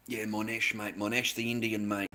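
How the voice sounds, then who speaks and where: Aussie bloke livestreamer, rambling and foul-mouthed, lowish and punchy. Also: male voice, bright, forceful tone. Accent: Australian. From Australia. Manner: rambling, swears constantly, says "mate" a lot. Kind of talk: casual livestream chat.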